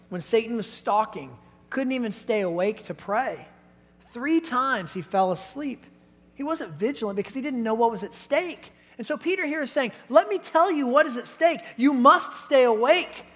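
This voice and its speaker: A middle-aged male pastor with a notably high voice delivers a sermon in a large church hall whose sound rings with a long reverb. He tells stories with animation and slips into the voices of the people he quotes.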